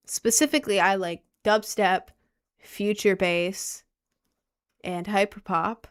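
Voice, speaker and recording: Slow, rambling young woman vlogger. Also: mid-range voice, fairly even intonation, clear, resonant tone. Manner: rambling and unsure, full of "like" and restarts. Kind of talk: casual rambling chat.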